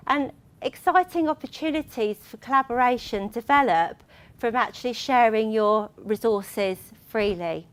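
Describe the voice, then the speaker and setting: A woman with a high, bright-sounding voice gives a presentation to a live audience. She talks in a lively, conversational way, with easy fillers and little laughs between points. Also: measured pace. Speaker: presenter from a dementia resource organisation.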